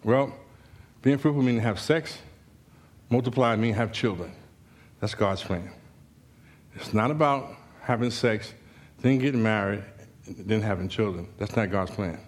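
A man preaching a sermon in a church, telling a story with humor and rising, animated exclamations. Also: fairly low pitch, unhurried, pauses often.

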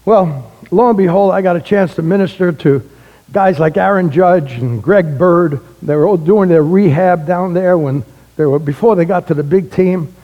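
A man, a retired pastor telling a personal testimony, animated and acting out the dialogue in his story. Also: high-pitched, moderate pace, lo-fi sound. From the Bronx, New York. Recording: echoey hall.

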